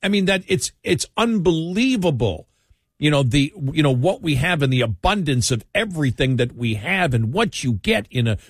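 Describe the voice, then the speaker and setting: A man's voice: on the high side, big pitch swings, normal speed, husky, no echo, studio quality. A man in casual conversation, musing reflectively with frequent restarts and trailing phrases. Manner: rambling, reflective, with many restarts. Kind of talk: casual chat.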